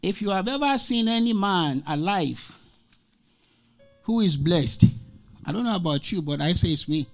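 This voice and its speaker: A man's voice: high-pitched, lively intonation, normal speed, long pauses, soft background music. A man in his sixties from Nigeria, preaching as a guest speaker and telling stories from his own life. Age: 60s. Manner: emphatic, repeats scripture lines, tells personal stories. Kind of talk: sermon.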